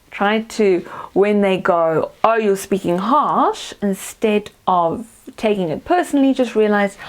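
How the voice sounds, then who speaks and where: A woman's voice: on the low side, gravelly. A woman from South Africa, a confidence coach, giving a lesson straight to camera and acting out example tones. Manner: expressive, acts out example tones. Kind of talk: teaching talk to camera.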